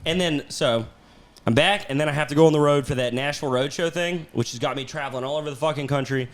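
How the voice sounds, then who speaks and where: Profane, animated comic man storytelling. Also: on the high side, fast. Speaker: podcast host, comedian. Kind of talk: casual storytelling chat.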